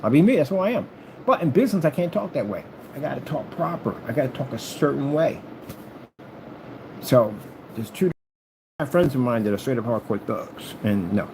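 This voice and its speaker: A man's voice: mid-range voice, big pitch swings, normal speed, background noise. A man delivering a rambling, taunting monologue at a rival, repeating stock phrases and humming to himself as he works through paperwork indoors. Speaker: YouTuber addressing a rival.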